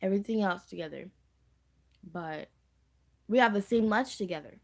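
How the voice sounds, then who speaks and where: A woman's voice: medium pitch, normal speed, gravelly. A teenage girl telling a storytime to camera in a chatty, slangy way, repeating her phrases. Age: teens. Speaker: storytime vlogger. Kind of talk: casual storytime vlog.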